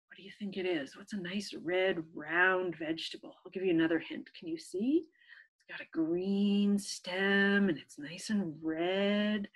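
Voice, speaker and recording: A woman's voice: on the low side, fairly even intonation. A woman librarian leading a children's story time online, asking playful guessing questions in a coaxing way. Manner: slow, playful, coaxing questions to young listeners. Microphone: webcam or phone for an online video.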